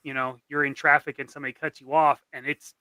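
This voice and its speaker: A man with a higher, bright, tense voice talks casually and reflectively, swearing now and then. The sound is dry and close. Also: flat delivery, quick pace, smooth, no echo. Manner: reflective, profane. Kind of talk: casual chat.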